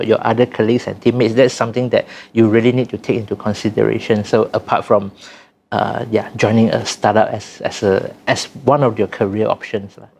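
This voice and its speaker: A man's voice: mid-range voice, gravelly, darkish tone. A man, co-hosting a podcast and explaining careers in a thoughtful way, often restarting his sentences. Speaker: podcast co-host, data science trainer. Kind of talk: casual podcast chat.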